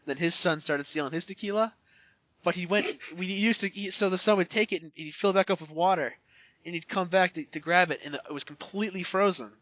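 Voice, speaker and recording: A man's voice: high voice, fairly quick, sharp tone, no room sound. A man in casual podcast chat, telling rambling jokey stories. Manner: rambling, joking storyteller.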